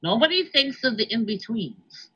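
A woman's voice: fairly high pitch, big pitch swings, moderate pace, bright, forceful tone, husky, muffled recording. A woman from New Hampshire co-hosting a podcast, talking frankly and swearing casually. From New Hampshire, USA. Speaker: podcast co-host.

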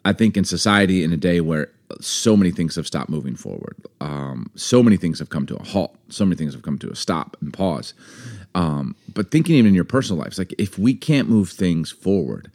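A man in his forties co-hosting a casual chat about a book, rambling and animated with lots of fillers. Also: low voice, brisk. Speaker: podcast co-host.

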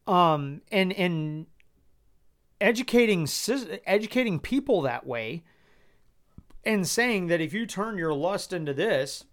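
Male podcast host with a somewhat high voice, blunt and incredulous, heavy swearing, frequent restarts. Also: lively intonation, slow. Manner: exasperated, swears a lot, stammering restarts; incredulous rhetorical questions. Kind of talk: personal commentary podcast.

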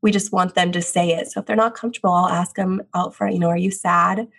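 A woman's voice: on the low side, fairly even intonation, fast talker, gravelly. Earnest widowed mother talking openly. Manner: earnest, open, repeats phrases like "the reality is". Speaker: children's book author and widowed mother. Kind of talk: heartfelt interview answers.

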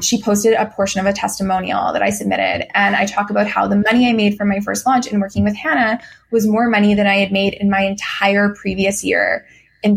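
A woman's voice: medium pitch, creaky. A young adult woman, a podcast guest, talking earnestly in casual conversation with many ums and restarts. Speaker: podcast guest, course creator.

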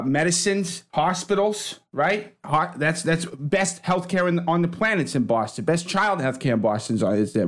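A brash man sparring in a comedy debate, combative and cocky, calling everyone sweetheart. His voice sits a little high for a man. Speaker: debater for Boston.

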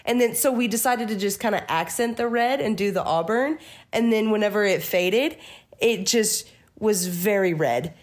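A young woman co-hosting a podcast, chatting casually and rambling through stories while acting out what people said. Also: medium pitch. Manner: rambling storyteller, acts out quoted dialogue. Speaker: podcast co-host. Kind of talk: casual chat.

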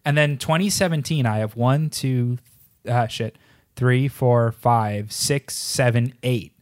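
A man's voice: medium pitch, slow pace. A man co-hosting a podcast, casually rambling and acting out his own past thoughts. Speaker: podcast co-host. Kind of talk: casual chat.

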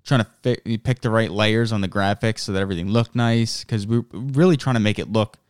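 Low, smooth-voiced man chatting casually. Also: brisk, no echo, clean studio sound. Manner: rambling, self-interrupting. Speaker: podcast co-host. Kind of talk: casual chat.

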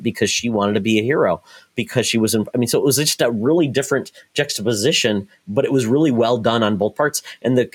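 A man's voice: medium pitch, husky. A man co-hosting a casual chat about comics and TV, steering the topic.

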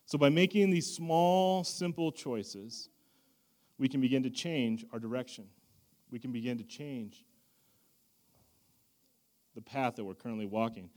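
A man preaching a sermon as a pastor, swinging from loud emphasis to hushed asides in a conversational, self-deprecating way. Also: medium pitch.

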